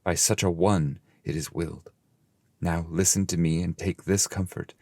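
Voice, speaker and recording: A man reading the lines of a weary old male poet guide, speaking in earnest, measured verse. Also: sits low, fairly even intonation, mellow, no echo. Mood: reassuring.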